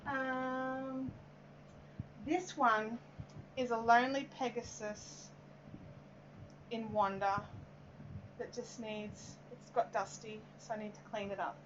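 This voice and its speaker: A chatty Australian woman with a fairly high voice, rambling through a casual live craft stream. Her talk is full of little "um"s as she works and greets viewers. The audio is a bit dull and muffled, with faint hiss behind it. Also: little pitch movement, slow, long pauses, fairly bright tone. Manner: chatty and rambling, reading out viewer comments, many "um"s. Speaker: yarn dyer hosting a live stream. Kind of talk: casual live-stream chat while working.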